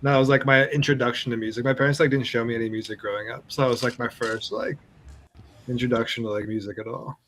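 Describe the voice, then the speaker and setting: A young man in his twenties, a guest writer, talking in a relaxed, filler-heavy way on a podcast. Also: mid-range voice, fast, slight background noise. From New York. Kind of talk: casual podcast chat.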